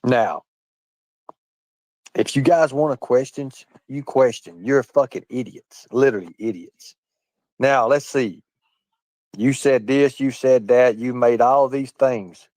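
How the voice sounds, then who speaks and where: A man's voice: medium pitch, slow, darkish tone, dry recording. A man hosting a live stream, ranting combatively and swearing heavily, often repeating himself and addressing his chat directly. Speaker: livestream host. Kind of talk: profane live-stream rant.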